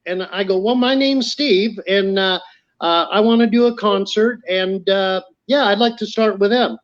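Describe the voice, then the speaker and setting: A man's voice: high-pitched, normal speed, muffled recording. A middle-aged man, telling stories casually as a podcast guest and acting out the voices of people he quotes. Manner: animated storyteller acting out quoted dialogue. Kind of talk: casual storytelling.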